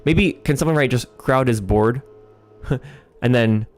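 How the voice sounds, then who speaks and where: A man's voice: mid-range voice, a little slow, soft background music. A man hosting a livestream, thinking aloud while writing a comedy sketch, hesitant with many ums and chuckling as he reads lines aloud.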